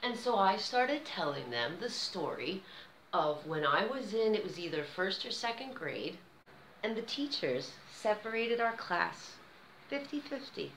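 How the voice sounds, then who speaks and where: A woman's voice: medium pitch, sing-song, unhurried, a bit bright, roomy sound, a little hiss or hum, low-quality recording. An American woman telling a personal story in a conversational vlog style, with an American accent. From United States. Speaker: vlogger.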